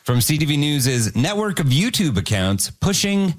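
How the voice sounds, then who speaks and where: A man's voice: fairly high pitch, sing-song, moderate pace. A man hosting a comedy panel show, reading headlines and dryly quizzing the panelists. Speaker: host.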